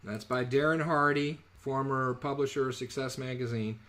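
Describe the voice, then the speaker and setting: A man's voice: mid-range voice, steady tone, normal speed, a bit bright. A man teaching trading in a casual live webinar, chatty and jokey, often correcting himself mid-word. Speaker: trading educator.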